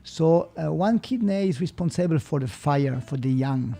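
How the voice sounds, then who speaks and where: A man with a Swiss German accent, a podcast guest who explains calmly and hesitantly and sometimes searches for English words. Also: fairly high pitch, moderate pace, gravelly, soft background music. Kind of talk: reflective podcast conversation.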